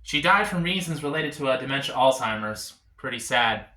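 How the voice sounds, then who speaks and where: A male stand-up comedian on a live stage with a very bright, cutting voice that swings widely in pitch. He tells his bits in an animated way and dips into other voices. The sound rings in an echoey room. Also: fairly quick. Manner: jumps between voices, animated storytelling.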